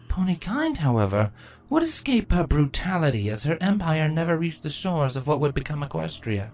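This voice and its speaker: Low-voiced woman reading fan fiction. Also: a little mellow. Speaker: narrator.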